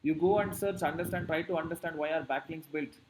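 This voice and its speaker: A man gives a classroom lecture on digital marketing, often stopping to ask "correct?" before moving on. His voice sits somewhat high for a man. The room is echoey, with a faint noise underneath. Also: fairly even intonation, a little fast. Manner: explains with rhetorical questions, many "correct?" and "see".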